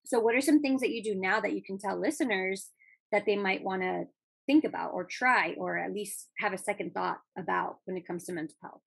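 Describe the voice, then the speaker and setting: A woman's voice: medium pitch, brisk, creaky, a bit bright, slightly rough, no echo. A woman hosting a podcast interview, encouraging her guest and laughing often in casual chat. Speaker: podcast host.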